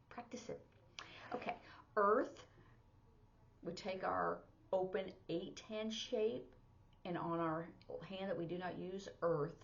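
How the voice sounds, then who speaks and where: A woman's voice: fairly low pitch, fairly even intonation, slow, gravelly, pauses often, lo-fi sound. A woman teaching sign language in a casual, chatty way, walking through each sign step by step with plenty of fillers. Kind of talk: casual instructional lesson.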